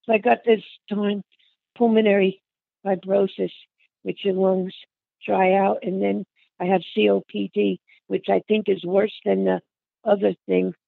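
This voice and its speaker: Older lady with a gravelly voice, chatty, keeps calling you hon, sounds like a thin phone line. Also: medium pitch, flat delivery, unhurried, dry recording. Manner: chatty, calls the listener hon and honey. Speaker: interviewee. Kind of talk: reminiscing conversation.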